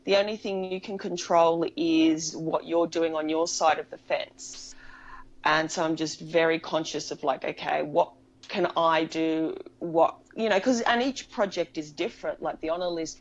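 A woman's voice: low-pitched, dull audio. A woman, a film writer and director, talking casually as an interview guest, chatty and laughing often with frequent restarts.

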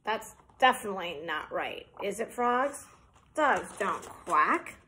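A woman's voice: medium pitch, lively intonation, takes it slowly, sharp tone. A woman reading a picture book aloud to children, chatting friendly and asking her young listeners questions, sometimes in a whisper. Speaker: children's storytime reader.

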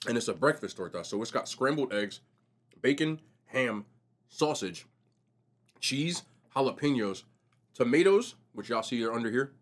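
A young man vlogging casually while eating, telling stories in a slangy, animated way. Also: medium pitch, normal speed. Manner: animated, slangy storytelling, says bro a lot. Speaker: mukbang vlogger.

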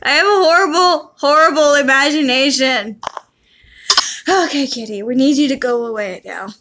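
A woman's voice: high voice, moderate pace, a bit bright. A woman casually commenting on a game she is playing, giggling and breaking into helpless laughter, and talking to the characters and her cat. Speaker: gaming YouTuber.

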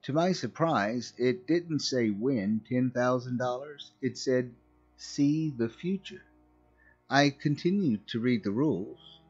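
Slow, husky male horror narrator. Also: mid-range voice. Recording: muffled recording with faint music.

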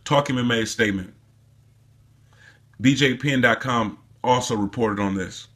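A man's voice: mid-range voice, normal speed, a bit bright, slightly rough. A man delivering a heated, profane and mocking commentary rant in a casual vlog, recorded alone indoors. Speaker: sports commentary vlogger.

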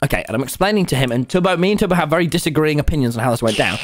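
A man's voice: a little high, racing. A young man, streaming and chatting while he plays, swearing often and telling stories with lots of energy. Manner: excitable, swears often, tells stories animatedly. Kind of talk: casual gaming chat.

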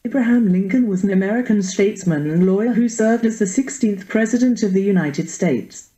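A text-to-speech woman's voice with a British accent, playing a robot assistant that reads out answers in an even, scripted way. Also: mid-range voice, fairly quick, reverberant, poor audio. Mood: neutral.

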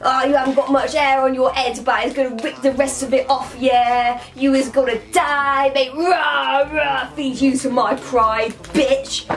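A woman voicing a boastful male villain lion who growls and shouts threats. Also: high-pitched, steady tone, unhurried, hardly any pauses. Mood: menacing.

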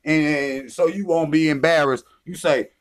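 Male vlogger, slightly high voice, angry profane rant full of taunts. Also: fairly even intonation, a little slow. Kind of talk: confrontational rant.

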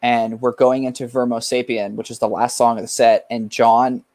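A man's voice: medium pitch, level tone, moderate pace, a little mellow, dry recording. A young man from California, a guest musician, telling a rambling story in a casual chat with fillers and swearing.

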